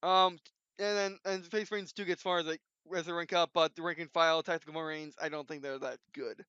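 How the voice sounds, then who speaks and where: A man's voice: fairly high pitch, little pitch movement, brisk, bright, forceful tone, clean tone, dry recording. A man hosting his own video, talking off the cuff in a rambling way, full of restarts and fillers, in a dull lo-fi recording. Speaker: video host. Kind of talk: unscripted casual commentary.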